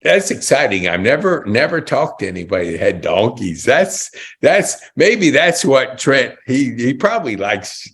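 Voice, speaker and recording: A man's voice: mid-range voice, very animated, unhurried, few pauses, a bit bright, husky. A man hosting an interview, enthusiastic and rambling, often restarting his sentences. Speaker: podcast host. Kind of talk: casual interview chat.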